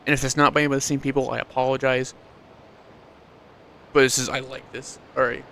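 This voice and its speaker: A man's voice: medium pitch, flat delivery, a little fast, creaky, a bit bright, a little hiss or hum. A man playing through a story game, reading the text aloud and adding self-mocking commentary with casual swearing. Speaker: let's play gamer.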